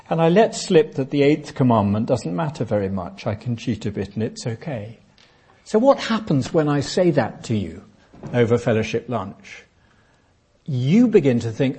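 A man's voice: medium pitch, sing-song, moderate pace, dark tone, breathy edge. A man preaching a conversational sermon, explaining scripture and acting out little everyday conversations. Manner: conversational, plain-spoken, acts out little everyday dialogues. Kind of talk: expository sermon.

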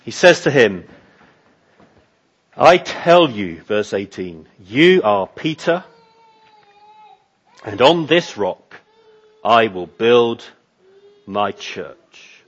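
Slow, emphatic male preacher, husky. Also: fairly low pitch, big pitch swings, lo-fi sound. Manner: slow, emphatic preaching with rising repeated phrases. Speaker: pastor. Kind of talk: sermon.

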